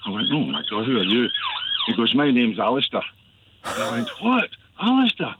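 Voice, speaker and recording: An older Scottish man calling in to a radio show, telling a long rambling story with lots of fillers and warm enthusiasm. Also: fairly low pitch, brisk, background noise. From Scotland. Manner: rambling, enthusiastic anecdote-teller with many fillers. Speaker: caller. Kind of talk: phone-in storytelling. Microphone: telephone. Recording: tinny phone line.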